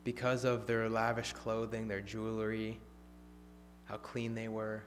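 A man preaching a sermon, swinging from emphatic, raised lines to hushed, near-whispered ones. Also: fairly low pitch, completely flat delivery, unhurried, faint music behind.

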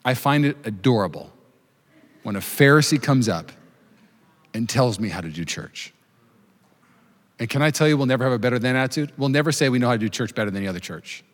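Fast-talking, jokey pastor preaching in a reverberant hall. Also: male voice, medium pitch, lively intonation. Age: 30s. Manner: fast-talking, jokey, self-deprecating asides. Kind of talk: sermon. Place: church auditorium with live congregation.

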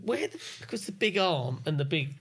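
A man chatting about a film, enthusiastic and a little rambling, stopping and restarting his sentences. His voice is fairly high and clearly bright, with a crisp edge to it. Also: very animated, brisk. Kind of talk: casual film chat.

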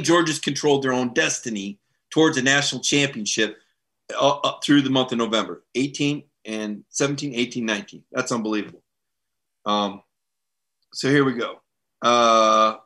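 A man's voice: mid-range voice, bright, forceful tone. A middle-aged man hosting a live sports show, chatting casually and upbeat as he reads viewer comments and acts out quoted voices.

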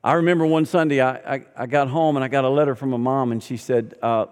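A male pastor preaching a sermon, telling the story with animated delivery and acting out the voices of its people. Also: medium pitch, fast talker, hardly any pauses, clear, resonant tone. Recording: long hall reverb.

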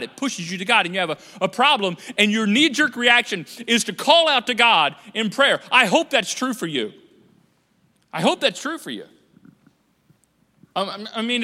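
A man preaching a sermon as pastor, animated and joking, acting out the voices of people he quotes. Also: sits high, normal speed. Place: church auditorium. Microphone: handheld microphone on stage. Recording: echoey church hall.

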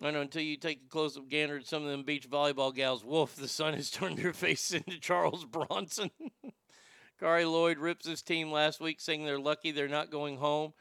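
Man host, brash and profane, high bright gravelly voice, dry close mic. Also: fairly even intonation, normal speed, dry recording. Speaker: show host. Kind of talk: casual commentary reading chat.

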